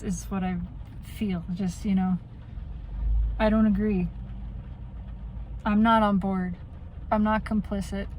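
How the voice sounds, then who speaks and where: A woman's voice: medium pitch, a little mellow, slight background noise, rough recording. A woman venting in a personal monologue, blunt and profane, often trailing off and restarting. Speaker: vlogger.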